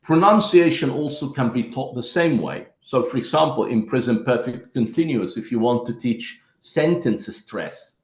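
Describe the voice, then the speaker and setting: A man's voice: medium pitch, lively intonation, normal speed, few pauses, reverberant. A man giving a lesson to teachers, explaining step by step and calling his listeners "my friends". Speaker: teacher trainer.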